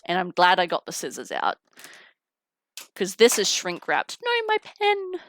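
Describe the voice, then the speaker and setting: Young woman streamer, slow easygoing chatter and giggles, headset mic, dry sound. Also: fairly low pitch, very animated, fairly bright tone, dry recording. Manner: chatty, giggly, talks to chat while unboxing. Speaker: streamer opening trading cards. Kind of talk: casual live-stream chat. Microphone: headphones with mic.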